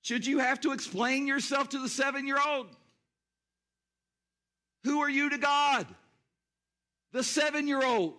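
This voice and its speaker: A man preaching a sermon in a high-pitched voice. He is animated and talks straight to the congregation, pulling them in with questions. He acts out the scenes he describes. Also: a little slow, long pauses. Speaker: pastor.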